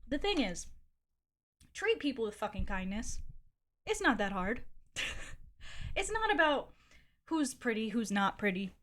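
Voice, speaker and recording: A woman's voice: fairly high pitch, very animated, measured pace, long pauses, fairly bright tone. A woman streamer chatting casually, telling a gossipy story candidly with frequent swearing and laughs. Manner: rambling with fillers and laughs. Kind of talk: casual chat.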